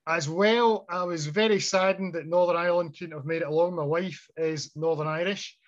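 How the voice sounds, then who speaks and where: A man's voice: a little high, normal speed. English guy hosting a podcast, easygoing, laughs a lot, muffled lo-fi sound. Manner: relaxed, chatty, laughs often. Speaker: podcast co-host. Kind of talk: casual chat. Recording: dull lo-fi podcast audio.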